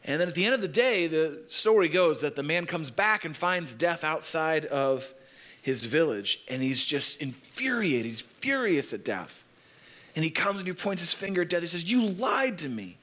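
A man preaching a sermon, telling stories and repeating phrases slowly for emphasis. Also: a little high, animated, a bit bright. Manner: storytelling preacher, leans on repetition and slows down for emphasis. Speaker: pastor.

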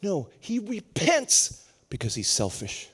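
A young adult male preacher tells a story from the pulpit, animated and full of acted voices. His voice sits high for a man and swings between quick bursts and hushed moments. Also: husky. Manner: animated, acts out voices of others. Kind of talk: storytelling sermon.

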